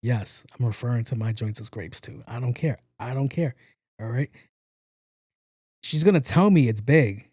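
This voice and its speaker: A man riffs through casual podcast commentary, full of swearing, jokes and repeated words. His voice is mellow and warm. The sound is dry and close. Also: mid-range voice, moderate pace, pauses often, slightly rough, no room sound. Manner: profane, joking, repeats himself. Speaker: podcast host.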